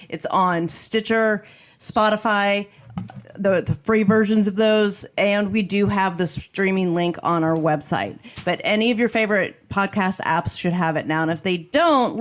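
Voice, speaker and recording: A woman hosting a casual podcast from a home studio, explaining things in a plain, steady way. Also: medium pitch. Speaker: podcast host.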